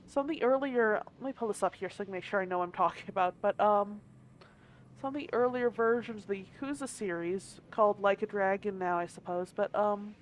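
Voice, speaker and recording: A woman game streamer chatting casually, thinking aloud and hedging as she goes, with the odd hiccup. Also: mid-range voice. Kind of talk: casual live-stream chat.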